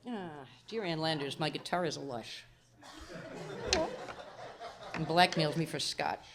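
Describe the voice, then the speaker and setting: A woman's voice: low-pitched, moderate pace, background noise. A woman folk singer chatting wryly between songs at a convention concert, laughing at herself as she introduces her pieces. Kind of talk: casual stage patter between songs. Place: indoor convention concert room. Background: guitar being strummed and tuned.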